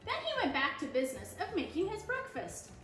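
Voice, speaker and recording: Animated woman reading a picture book. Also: high voice, a little fast, reverberant, soft background music. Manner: expressive, animated read-aloud. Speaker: storyteller.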